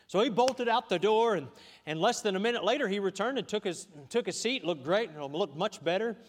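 A man with a fairly high voice preaches from the pulpit, folksy and conversational, often restarting his sentences as he goes. His sermon rings out in a church with a long, trailing reverb. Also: lively intonation, fairly quick. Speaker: pastor. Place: church sanctuary.

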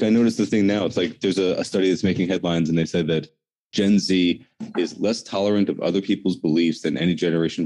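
A man ranting in a casual political discussion, fast and profane. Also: sits low, dark tone.

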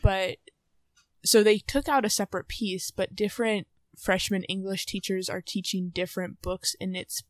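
A young adult woman co-hosting a podcast, chatting casually with lots of fillers and drawn-out phrases. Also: medium pitch, steady tone, dry recording. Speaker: podcast co-host.

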